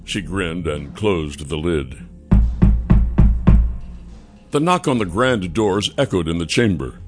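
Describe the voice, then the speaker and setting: A male narrator reads a fantasy audiobook in a low voice. His storytelling is measured and steady, and faint music runs beneath it.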